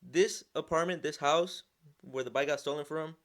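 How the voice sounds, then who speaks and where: A young man telling a story casually, animated and slangy, often restarting and repeating words. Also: fairly high pitch, normal speed. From Southern California. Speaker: vlogger, sponsored motorcycle rider.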